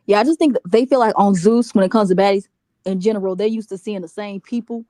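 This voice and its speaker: A woman calling into a livestream chat, giving her opinion quickly. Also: mid-range voice, warm tone, no echo, clean studio sound. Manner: quick, opinionated, talks over others. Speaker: caller.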